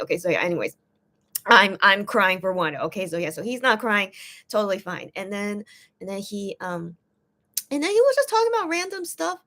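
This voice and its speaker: A woman's voice: mid-range voice, animated, brisk, a bit bright. A young woman fan chatting casually on her own live stream, rambling and hesitant as she retells and translates what was said. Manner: rambling, hesitant, repeats words often. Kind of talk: casual livestream chat.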